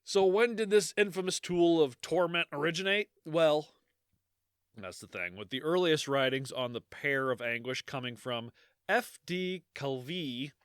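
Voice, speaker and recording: A man co-hosting a podcast, telling a dark history in a joking, rambling way and laughing often. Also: on the high side, moderate pace, clear, resonant tone, dry recording, clean studio sound. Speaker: podcast co-host. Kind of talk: casual podcast chat.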